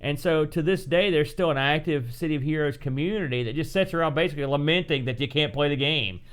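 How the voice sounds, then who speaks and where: A man's voice: fairly high pitch, fast, clear, resonant tone. A middle-aged man co-hosting a casual retro gaming chat, rambling and correcting himself as he talks. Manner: rambling, self-correcting, chatty. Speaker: podcast co-host.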